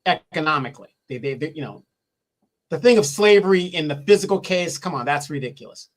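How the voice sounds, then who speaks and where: A man's voice: a little high, animated, a little fast. A man giving opinionated political commentary, repeating his points and asking rhetorical questions. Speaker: co-host or guest commentator.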